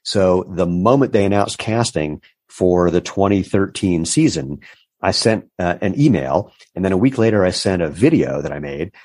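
This entrepreneur guest, a man in his fifties, has a deep voice and a moderate pace. In a casual interview, he tells lively stories and mimics the voices of the people he's quoting, recorded in studio quality with no echo.

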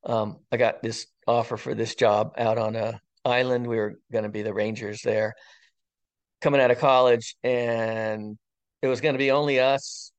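Older man telling a story haltingly. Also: medium pitch, steady tone. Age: 60s. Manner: halting, with frequent ums and pauses; earnest and wondering. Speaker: interview guest, retired fire captain. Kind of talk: personal storytelling in conversation.

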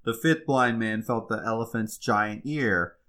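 A man telling a fable in a casual, conversational way, with fillers and restarts, then slowing down to reflect on its moral. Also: fairly low pitch, fairly bright tone. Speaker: storyteller.

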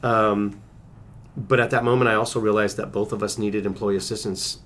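A man's voice: on the low side, steady tone, normal speed, a bit bright, slight background noise. A middle-aged man recounting a personal story as an interview guest, earnest, with restarts and acted-out quotes.

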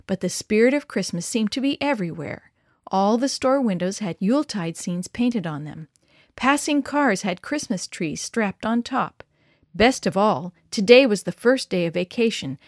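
Expressive woman reading a children's story. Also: dry recording, clean studio sound. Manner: expressive, shifts pitch for dialogue.

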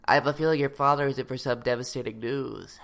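A man voicing a smarmy, creepy schoolboy suitor who talks slow and oily in a comedy sketch. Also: medium pitch, fairly even intonation, creaky, a bit bright.

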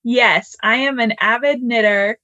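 A woman guest on a podcast, chatting in a relaxed, friendly way. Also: on the high side, unhurried, dry recording, dull audio. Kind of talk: casual interview chat.

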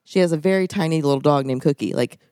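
A woman co-hosting a podcast, retelling stories in an animated casual chat. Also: low-pitched, fast, clear, resonant tone, dry recording, clean studio sound. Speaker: podcast co-host.

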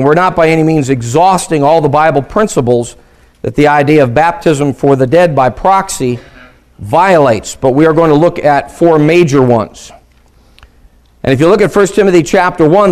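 A man teaching a Bible lesson on a radio ministry, reading verses aloud and stressing key words. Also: on the high side. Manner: reads scripture aloud slowly, stressing key words with questions.

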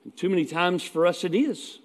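A man's voice: high voice, brisk, in a large hall. A man preaching a sermon as pastor, telling stories in a folksy way with asides.

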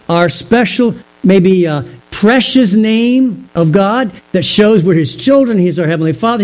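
A man with a fairly high, mellow voice teaches from scripture in a sermon. He talks in a measured, explanatory way and puts rhetorical questions to his listeners. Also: low-quality recording. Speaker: pastor.

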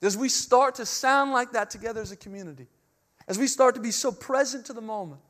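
A man's voice: very high voice, a little fast, fairly bright tone. A man in his thirties preaching a sermon as pastor, earnest and conversational, slipping into casual storytelling.

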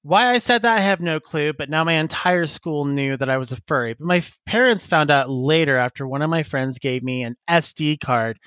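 A man's voice: on the high side, a little fast, few pauses, fairly bright tone, no room sound. A man co-hosting a casual podcast, who laughs often and rambles while he reads listener emails and chats. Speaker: podcast co-host.

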